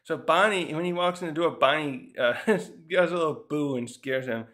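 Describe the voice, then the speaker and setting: Thinking out loud about a manga chapter, this man talks at a moderate pace in a slightly high, fairly bright voice. His commentary is loose and rambling, full of fillers and frequent restarts.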